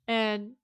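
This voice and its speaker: Chatty woman recapping scenes on a dry mic. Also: no echo. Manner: chatty, recounts scenes and reads dialogue aloud, giggles often. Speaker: podcast co-host. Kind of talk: casual recap chat.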